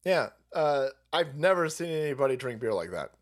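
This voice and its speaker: A man's voice: mid-range voice, very animated, a little fast. A man ranting through political commentary on a live stream, profane, rambling and mocking.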